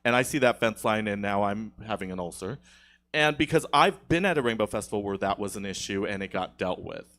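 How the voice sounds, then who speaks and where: A man's voice: lowish voice, animated, brisk, fairly bright tone. A man as a guest on a podcast, telling a long, indignant story in casual studio chat, with many restarts.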